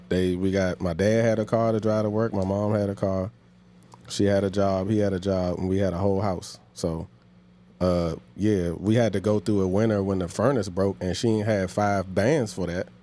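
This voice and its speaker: A man's voice: low-pitched, steady tone, normal speed, dark tone. A man hosting a casual podcast conversation, speaking in a laid-back, slangy way. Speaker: podcast host.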